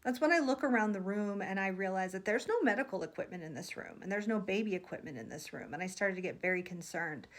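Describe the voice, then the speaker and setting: A woman in her thirties, a psychic, telling a vivid dream to her viewers in an earnest, emotional vlog monologue. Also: medium pitch. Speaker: psychic vlogger.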